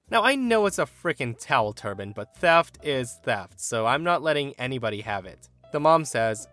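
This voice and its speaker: A man reading a forum story aloud in an animated storytelling manner. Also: mid-range voice, moderate pace, hardly any pauses, soft background music. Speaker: story narrator.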